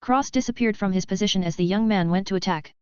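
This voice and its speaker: A woman giving steady, scripted narration of a web novel as an audiobook narrator. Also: medium pitch, quick pace, clean tone, no echo. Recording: dry, slightly dull lo-fi recording.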